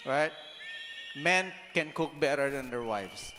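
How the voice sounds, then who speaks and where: A man giving a motivational talk to an audience, animated, firing rhetorical questions and now and then raising his voice to a shout. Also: mid-range voice, takes it slowly, background noise. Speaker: speaker. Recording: long hall reverb.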